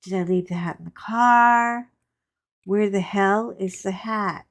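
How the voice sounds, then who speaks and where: A woman hosting a crafting channel, chatting casually and telling animated anecdotes with frank asides while she works. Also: mid-range voice, slow pace.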